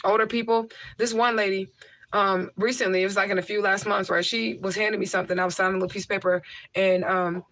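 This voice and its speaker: A woman's voice: mid-range voice, little pitch movement, fast, fairly bright tone, no echo. Blunt woman chatting on a livestream. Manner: blunt, repeats herself for emphasis; reads out and answers viewer comments. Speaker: livestream host. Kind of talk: casual livestream chat. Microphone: homemade tissue mic filter.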